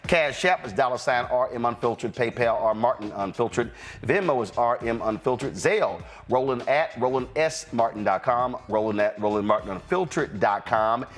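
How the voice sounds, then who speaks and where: A man hosting a news show, speaking deliberately with frequent "uh" fillers on a studio mic. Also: mid-range voice. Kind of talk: news commentary and show sign-off.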